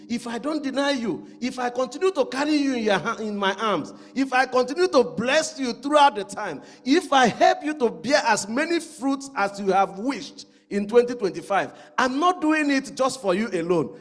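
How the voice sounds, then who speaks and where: High-voiced man preaching in a reverberant church. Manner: rhetorical questions, repeats lines for emphasis. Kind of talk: sermon. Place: church sanctuary.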